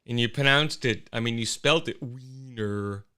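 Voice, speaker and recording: A man's voice: mid-range voice, a little slow, clean tone. A man hosting a casual livestream show, talking animatedly and greeting viewers from the chat. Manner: animated, exclaiming, with frequent restarts.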